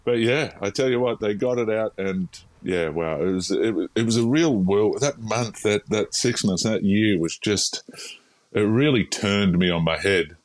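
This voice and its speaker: An Australian man, a podcast guest, telling his story in a frank, animated, casual way with frequent restarts. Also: lowish voice, moderate pace, no room sound.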